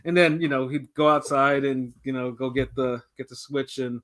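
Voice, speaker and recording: A man's voice: mid-range voice, fairly even intonation, moderate pace, crowd noise. A man co-hosting a casual podcast, telling rambling childhood anecdotes with restarts and acted-out quotes. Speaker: podcast co-host. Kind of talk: casual storytelling chat.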